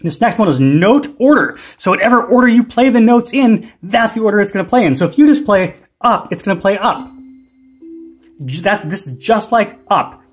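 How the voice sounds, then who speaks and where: A man's voice: high-pitched, animated, moderate pace, slightly rough. A man hosting a music gear tutorial, explaining casually and unhurriedly with frequent ums and restarts. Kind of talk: casual instructional demo.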